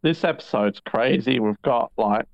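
A man's voice: medium pitch, unhurried, gravelly, no room sound, lo-fi sound. A man co-hosting a casual podcast chat, teasing his co-host in a wry tone.

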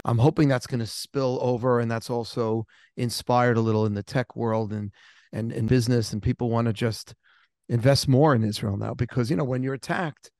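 A man's voice: mid-range voice, darkish tone, no room sound, clean studio sound. A man, a rabbi hosting a podcast, responding earnestly and appreciatively to his guest. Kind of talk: interview conversation.

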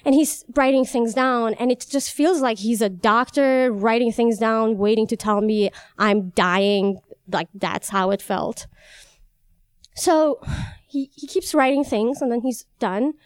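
A young woman tells a personal story in a high, smooth voice. She speaks candidly and wryly, with small laughs breaking in. The sound is close and dry. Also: a little slow, no room sound. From Iran. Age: young adult. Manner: candid, wry, laughs between lines.

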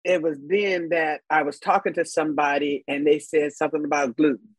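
Woman in her sixties, from los angeles, podcast guest, frank and animated, laughs a lot, dry close sound. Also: low-pitched, brisk, breathy edge, no room sound, rough recording. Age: 60s. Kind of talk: candid storytelling.

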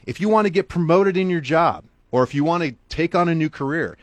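A man's voice: expressive, brisk, no room sound. Earnest man telling a motivational story. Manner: earnest, talks straight to the listener; wide swings in pitch and loudness for emphasis. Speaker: author and guest speaker.

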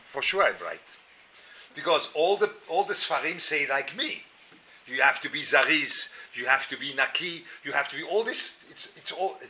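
The voice is on the high side and husky, moving at a moderate pace. It belongs to a middle-aged man from Switzerland delivering a lively, self-deprecating story lecture at a Torah class, full of repeated words and sudden loud outbursts.

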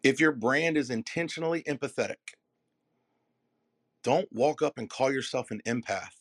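A man speaking as a keynote speaker and messaging coach, delivering a motivational talk to a live audience in an emphatic, preacher-like cadence with dramatic pauses and repeated phrases. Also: mid-range voice, no echo.

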